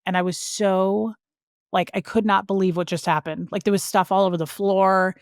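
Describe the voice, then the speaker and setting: A woman's voice: medium pitch, steady tone, moderate pace, no echo. Earnest woman telling a personal story. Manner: casual, frequent "like" fillers; earnest and emotional when recounting. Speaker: podcast guest.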